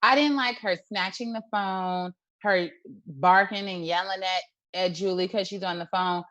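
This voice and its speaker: A woman on a casual TV recap panel, sassy and animated, acting out scenes as she talks. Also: mid-range voice, a little slow. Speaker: co-host panelist.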